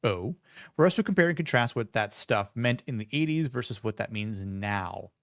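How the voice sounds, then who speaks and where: Hosting a live podcast, this man in his forties delivers casual live-stream commentary full of fillers and sarcasm. The recording is studio quality with no room sound, and his lowish, expressive voice runs at normal speed with a bit of brightness.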